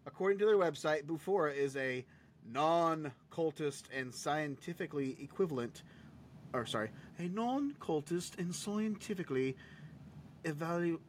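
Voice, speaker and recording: A man's voice: a little high, expressive, normal speed, a little hiss or hum. Crude joking podcast host, man. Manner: crude joking, laughs often. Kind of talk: crude casual banter. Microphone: home podcast mic.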